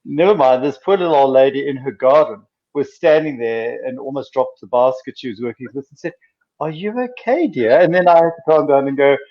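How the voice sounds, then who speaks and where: A man's voice: medium pitch, brisk, hardly any pauses, lo-fi sound. A man, a doctor, chatting on a casual video podcast from a room in a mountain house, telling stories with earnest animation. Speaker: doctor and co-host.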